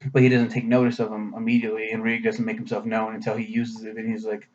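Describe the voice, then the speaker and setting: A man's voice: lowish voice, monotone, quick pace, darkish tone. A man giving a casual, rambling anime review, profane and sarcastic in a loose, offhand way. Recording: slightly muffled lo-fi audio.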